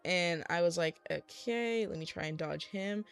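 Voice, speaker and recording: The voice is medium-pitched, a little slow and bright, with vocal fry and a clear, resonant tone over soft background music. It comes from a young adult craft livestreamer who casually vents a long, exasperated story while crafting, acting out other people's words.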